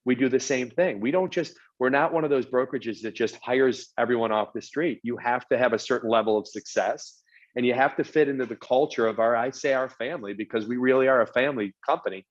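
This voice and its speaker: A man's voice: mid-range voice, fairly quick, lo-fi sound. Earnest man with stammering restarts. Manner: earnest, repeats words when starting sentences. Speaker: podcast guest, real estate executive. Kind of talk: casual interview chat.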